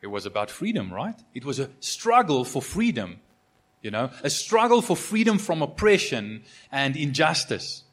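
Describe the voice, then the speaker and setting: Preaching conversationally, this pastor from South Africa fills his sermon with fillers and keeps restarting his sentences. His mid-range voice has a sing-song lilt at a moderate pace.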